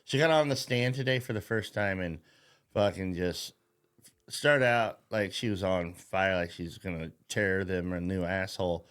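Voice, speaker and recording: A man's voice: deep voice, normal speed, fairly bright tone, clear, resonant tone. A man hosting a podcast in a casual political rant, profane and rambling, mocking, and laughing at his own jokes. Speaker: podcast host.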